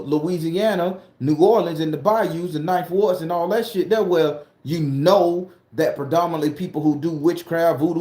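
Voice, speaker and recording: A man from southern Florida rants to camera in a heated, profane, blunt way. His voice sits fairly high for a man but sounds dark and mellow, and the echoey room rings around it. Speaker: spooky-story vlogger and tarot reader. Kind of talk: casual ranting monologue to camera.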